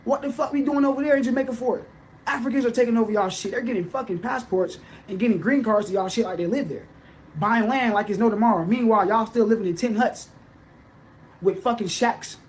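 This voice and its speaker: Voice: medium pitch, fairly quick, a little hiss or hum. A speaker in a played clip delivering an angry, insulting, profane casual rant.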